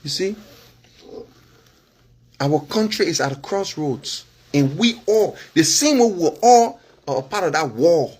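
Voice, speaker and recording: A man with a Liberian English accent speaks straight to his followers in a loose, animated monologue. His voice sits a bit high and has a husky edge. He leans on "you understand?" and breaks into short chuckles. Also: a little slow, pauses often. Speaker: political vlogger and former candidate.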